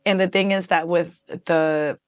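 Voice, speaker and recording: A woman's voice: fairly low pitch, fairly even intonation, unhurried, clean tone, dry recording, clean studio sound. A woman in her twenties from Colombia, a guest in a casual interview, who talks animatedly, laughs often and switches between English and Spanish.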